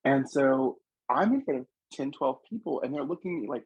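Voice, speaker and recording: Earnest man telling stories, husky voice. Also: mid-range voice, a little fast, hardly any pauses, no room sound, dull audio. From Louisiana. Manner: earnest storytelling, animated quoting of others. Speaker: psychic medium guest. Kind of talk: casual interview talk.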